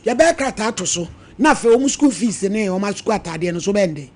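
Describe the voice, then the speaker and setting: A man's voice: high voice, animated, fairly quick, darkish tone. A male radio host mediating a family dispute on air, probing and questioning the caller. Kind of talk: radio talk show mediation.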